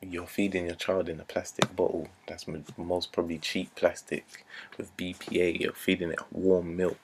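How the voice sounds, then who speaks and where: A man's voice: sits low, little pitch movement, normal speed, slight background noise. A man, ranting earnestly to camera, repeating himself and dropping to a near-whisper at times. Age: 20s. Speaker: vlogger. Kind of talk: unscripted rant to camera.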